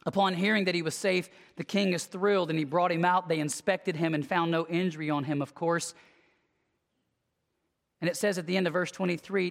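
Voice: mid-range voice, fairly quick, gravelly. Emphatic preacher in a reverberant hall. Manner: conversational, emphatic, with sudden swings from lively to hushed. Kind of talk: sermon.

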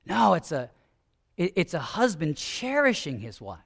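A male pastor preaching a sermon, emphatic and animated, at times dropping to soft, hushed asides. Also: fairly high pitch, a little slow, gravelly.

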